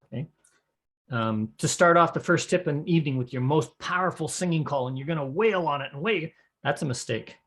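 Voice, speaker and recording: A man's voice: fairly high pitch, a little fast, a bit bright. A middle-aged man teaching would-be square dance callers about breathing and voice care, in a folksy, practical way, showing what he means as he talks. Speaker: square dance calling instructor. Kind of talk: spoken lesson to a camera.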